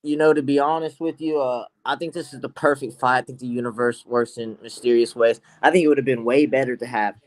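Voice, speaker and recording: A brash man swaggers through casual podcast chat, trash-talking with lots of profanity. His voice sits at an ordinary middle pitch. The sound is dry and close, with almost no room around it. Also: steady tone, quick pace, few pauses, dry recording. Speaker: guest pro fighter.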